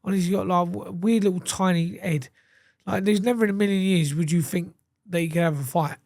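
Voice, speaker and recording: A podcast guest from England talks fairly quickly in a high voice with some vocal fry. He's blunt and swears a lot, telling lively stories that keep restarting, all in a casual chat. There's no room sound and the studio audio is clean.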